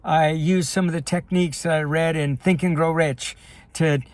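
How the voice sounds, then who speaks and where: A middle-aged man speaks candidly to the camera, his voice sitting a little high for a man. He tells a personal story with real emotion, slipping into quoted dialogue. The sound is close and dry, with no room echo. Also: fairly even intonation, moderate pace, darkish tone. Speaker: life coach and filmmaker sharing his story. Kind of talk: personal video talk to camera.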